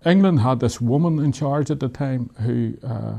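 Gravelly-voiced Irish man, wry and reflective. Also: mid-range voice, moderate pace, warm tone. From Ireland. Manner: wry, reflective, often laughing while he talks. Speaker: author and interview guest. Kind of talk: reflective storytelling in an interview.

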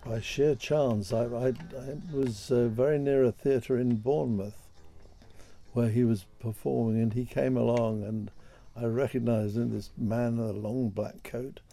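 A man's voice: medium pitch, fairly even intonation, measured pace, vocal fry, mellow, soft background music. An older man talking as a guest in a radio interview, hesitant and often repeating words as he starts a thought.

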